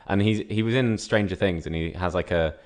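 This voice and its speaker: Young guy podcasting, really low voice, says like a lot. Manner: filler-heavy, uses lots of likes, measured critique. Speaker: podcast co-host. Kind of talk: casual film review chat.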